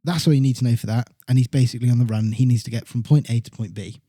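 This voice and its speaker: A man's voice: medium pitch, racing, mellow, no echo, clean studio sound. A man co-hosting a film review podcast, rambling and chatty and swearing now and then. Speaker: podcast co-host. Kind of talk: casual film review chat.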